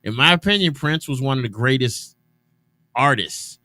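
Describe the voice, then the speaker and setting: A man hosting an afternoon radio show in casual talk, loose and chatty with drawn-out hesitations and restarts. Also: medium pitch, lively intonation, sharp tone. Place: radio studio.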